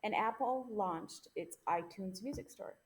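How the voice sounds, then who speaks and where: A woman's voice: medium pitch, measured pace. Playful woman podcast host. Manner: playful, teasing, jokey. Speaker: podcast co-host presenting the case. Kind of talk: casual podcast chat. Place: small home podcast room.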